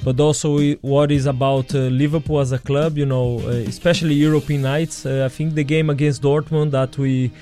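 A man's voice: a little high, flat delivery, fairly quick, few pauses, dark tone. Guy, lots of uh and you know, faint music behind him. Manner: hesitant, many fillers and restarts. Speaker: guest, former footballer. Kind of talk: casual interview chat.

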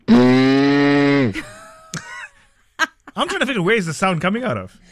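Lively radio host. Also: male voice, fairly high pitch, slow, no room sound. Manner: animated, laughs easily, repeats himself. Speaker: radio breakfast show host. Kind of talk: live radio banter.

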